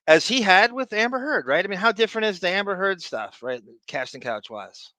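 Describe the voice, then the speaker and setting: Male podcast co-host, sarcastic and profane, with a sharp, bright voice. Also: sits high, very animated, brisk, no room sound, low-quality recording. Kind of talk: casual podcast commentary.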